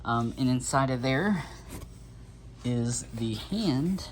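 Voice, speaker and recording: A man's voice: mid-range voice, expressive, takes it slowly, a little hiss or hum. A man casually talking through an unboxing in a rambling, easygoing way, slightly out of breath. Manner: rambling and easygoing, with many fillers. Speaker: toy and prop reviewer.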